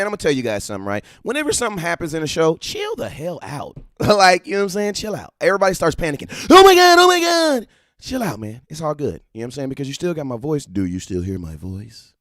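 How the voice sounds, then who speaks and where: A man hosting a casual live-stream about football, animated and slangy, repeating himself and breaking into excited shouts. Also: mid-range voice, no room sound, studio quality. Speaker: live-stream sports talk host.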